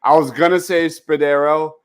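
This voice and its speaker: A man's voice: fairly high pitch, fairly even intonation, normal speed, clean tone. A man hosting a casual sports talk show, reading out viewer comments and laughing easily. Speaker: podcast host.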